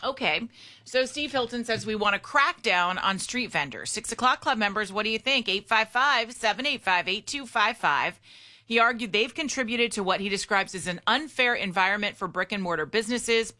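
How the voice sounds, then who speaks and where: A woman's voice: medium pitch, animated, normal speed, bright, forceful tone. A woman hosting a talk radio show, chatty and opinionated, reading out poll figures and the call-in number.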